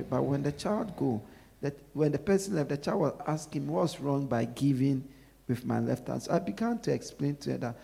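A man's voice: fairly high pitch, vocal fry, warm tone, husky. A male preacher giving a sermon, repeating his points with emphasis and asking the congregation to finish his sentences.

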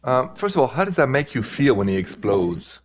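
A man's voice: medium pitch, very animated, brisk. A man with a French accent, hosting a call-in relationship advice show and mixing in French greetings. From France. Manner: friendly, mixes in French greetings. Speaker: radio advice show host.

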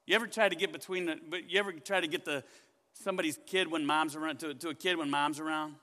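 This pastor speaks fast during his sermon, his high, bright voice forceful and animated as he keeps questioning the congregation. Each phrase is followed by a long hall reverb.

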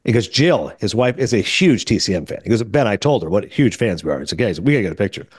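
A man hosting a podcast, telling a story in casual chat and quoting others in quick asides. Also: lowish voice, lively intonation, breathy edge, no echo, clean studio sound. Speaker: podcast host.

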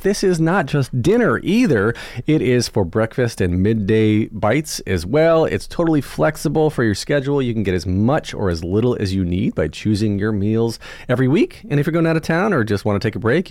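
A man's voice: mid-range voice, a little mellow, dry recording, studio quality. A man hosting a podcast, asking questions casually and reading an ad with playful asides. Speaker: podcast host. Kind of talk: casual interview and host-read ad.

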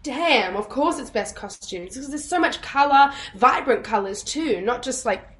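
Young woman guest, high-ish voice, bubbly and quick to laugh, video call. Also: lively intonation, a bit bright. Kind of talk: casual interview chat.

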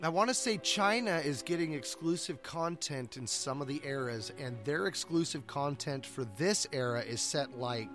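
A man's voice: on the high side, expressive, normal speed, few pauses, a bit bright, soft background music. A middle-aged man co-hosting a podcast, talking casually about books and often restarting his sentences. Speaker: podcast co-host. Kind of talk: casual book discussion.

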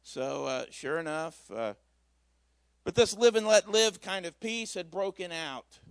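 A man's voice: high voice, lively intonation, a little slow, dry recording. A man preaching a Christmas Eve sermon in a church, telling a story in a folksy, conversational way with asides. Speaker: pastor.

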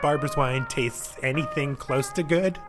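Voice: medium pitch, moderate pace, lightly acted. Someone doing a bossy know-it-all prof lady, exasperated, faint music behind. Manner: exasperated, scolding. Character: uptight know-it-all woman professor. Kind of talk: improvised comedy sketch.

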